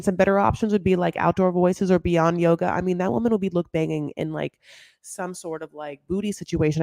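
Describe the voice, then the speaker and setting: Gossipy woman with heavy vocal fry. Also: lowish voice, darkish tone, dry recording. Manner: gossipy, heavy filler words, calls viewers honey. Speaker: TV show recap host. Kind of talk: casual chatty recap.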